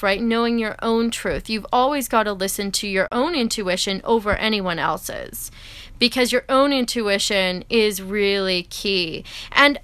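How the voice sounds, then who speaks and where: A woman's voice: on the high side, sharp tone, clean tone, no room sound. A woman chatting casually to camera as an astrology vlogger, rambling and checking in with "right?" and "like".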